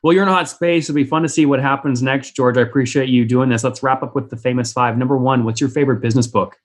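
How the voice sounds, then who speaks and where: Fast-talking man in his thirties, blunt host. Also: mid-range voice, fairly even intonation. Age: 30s. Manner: blunt, direct questioning. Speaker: interview host. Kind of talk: rapid-fire business interview.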